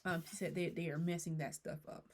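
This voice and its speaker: A woman tarot reader in a casual monologue, passing on messages she says she receives, in rambling, hesitant speech that grows animated when she gets excited. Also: fairly low pitch, a little fast, heavy background noise. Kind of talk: casual spiritual channeling monologue.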